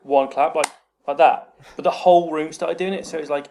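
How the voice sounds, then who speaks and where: Gravelly guy rambling through stories. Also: fairly high pitch, fairly even intonation, fairly quick, a little mellow, slight background noise. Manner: rambling storyteller, acts out quoted people. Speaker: podcast co-host. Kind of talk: casual chat. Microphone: remote call mic.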